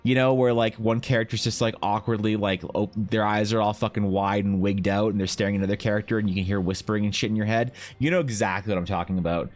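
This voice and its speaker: A man's voice: fairly low pitch, fairly even intonation, quick pace, hardly any pauses. A young Canadian man streaming, chatting loosely and profanely while answering his chat. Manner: rambling, loose and profane, reads chat aloud. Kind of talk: casual chat while drawing.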